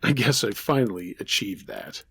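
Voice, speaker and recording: A man narrating a true horror story as the host of a storytelling show, measured with dry humor. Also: lowish voice, animated, bright, forceful tone, slight background noise.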